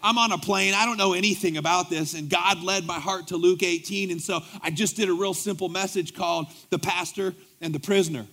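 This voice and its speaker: A man preaching a sermon as pastor, telling a story with lively acted-out dialogue. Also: high voice, fairly quick, few pauses. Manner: animated storyteller acting out dialogue.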